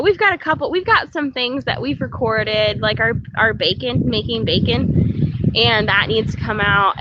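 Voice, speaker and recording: A chatty woman livestreaming from a meal kitchen, reading comments aloud and rambling with frequent laughter. Her voice sits a bit high and comes across bright and forward. The stream audio is dull and lo-fi. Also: no echo. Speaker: homesteading vlogger on a livestream.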